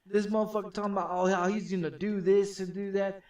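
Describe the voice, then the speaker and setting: A man streaming from his home gaming setup, telling a story in a rambling, profane, repetitive way that turns loud and heated. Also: high-pitched, little pitch movement, fast, few pauses. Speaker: game streamer. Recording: echoey room, distant from the mic.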